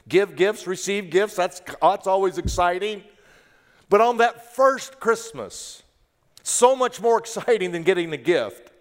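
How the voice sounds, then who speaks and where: A man's voice: high-pitched, long reverb tail. A man preaching a sermon as pastor, telling a story and talking directly to the congregation in a conversational way. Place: church sanctuary.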